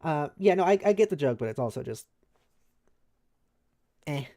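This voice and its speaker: Fast-talking American woman streamer. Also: deep voice, expressive, dark tone. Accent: American, maybe New England. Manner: speaks fast and slurs words a little; reassuring, chatty, lots of "like" fillers. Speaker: streamer reading a webcomic aloud. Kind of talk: casual live-stream chat with viewers.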